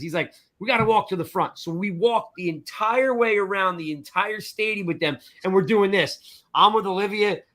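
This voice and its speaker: A man co-hosting a sports talk show, telling a long anecdote in a lively, chatty way, acting out the other people's voices. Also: sits high. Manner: animated storyteller, acts out voices, repeats "I'm like" and "right?". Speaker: podcast co-host. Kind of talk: casual storytelling chat.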